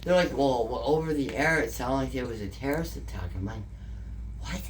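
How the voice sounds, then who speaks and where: A woman's voice: very deep voice, animated, quick pace, slight background noise. Profane, emotional Canadian woman telling a story. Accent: Canadian English. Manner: emotional, profane, repeats herself. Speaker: interviewee. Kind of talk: casual storytelling.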